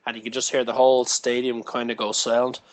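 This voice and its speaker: A man's voice: medium pitch, little pitch movement, quick pace, no room sound, rough recording. A man chatting casually, telling long sweary stories. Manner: sweary, storytelling rambles. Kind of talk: casual chat.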